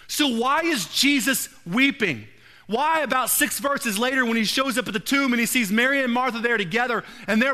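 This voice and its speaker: A high-voiced pastor preaches a sermon, earnestly building toward pointed rhetorical questions before dropping into a hushed, quiet delivery.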